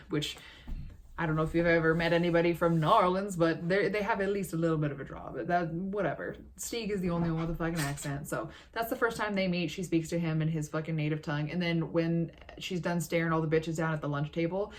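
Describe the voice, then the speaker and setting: A woman's voice: lowish voice, a little fast. A young woman vlogger recapping a movie in a casual, sarcastic, profanity-laced ramble.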